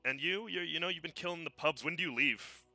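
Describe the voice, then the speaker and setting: A man's voice: a little high, fast, bright, forceful tone, no echo. A man commenting on a live esports match in a casual, chatty way, often restarting his words, with a headset mic.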